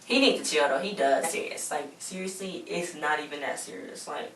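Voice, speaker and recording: A woman's voice: sits low, normal speed, a bit bright, a little hiss or hum. A woman casually recapping a TV episode, chatty and rambling, acting out the characters' lines. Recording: echoey room, far from mic.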